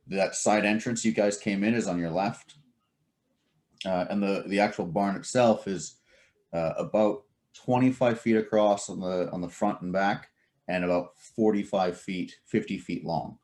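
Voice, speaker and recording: A man's voice: on the low side, fairly even intonation, unhurried, darkish tone. A man running a tabletop game as game master, explaining the scene at length with many fillers and restarts.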